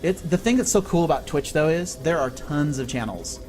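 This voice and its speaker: A man from California chatting excitably and swearing casually while he streams a video game. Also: on the high side, normal speed, faint music behind. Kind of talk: live gameplay stream chat.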